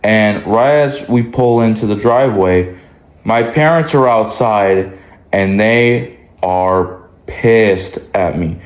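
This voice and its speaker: A man telling a casual storytime to his followers, rambling and restarting often. His voice sits a bit low, and the recording carries a roomy echo. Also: takes it slowly. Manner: rambling, many likes and restarts. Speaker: vlogger.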